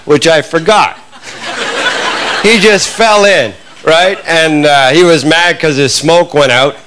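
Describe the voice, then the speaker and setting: A Canadian man doing stand-up comedy, telling a long animated story to a club audience. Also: on the high side, slow. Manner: animated, building to excited outbursts with audience laughter. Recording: noisy live club recording.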